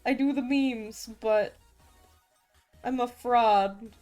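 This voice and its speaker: A woman's voice: a little high, extremely slow, darkish tone, soft background music. A woman streaming as a vtuber, chatting casually with viewers while drawing, playful and self-mocking with frequent laughs and restarts.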